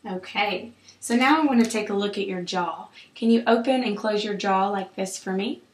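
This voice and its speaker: A woman clinician calmly guiding a patient through an oral exam, with steady, encouraging instructions. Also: medium pitch, normal speed. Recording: roomy echo.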